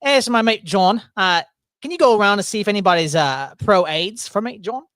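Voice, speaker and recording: A man's voice: high voice, lively intonation, brisk, a bit bright, dry recording, clean studio sound, pitched above the performer's own voice. A man putting on a cheery Australian bloke, asking his mate a favour and stressing his syllables. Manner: exaggerated exclaimed syllables.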